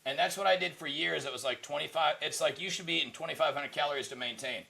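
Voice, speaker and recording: Guy cohosting a podcast, kinda high voice, bright and sharp, rambles with lots of you know right. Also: fast talker, creaky. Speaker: podcast co-host. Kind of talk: casual chat.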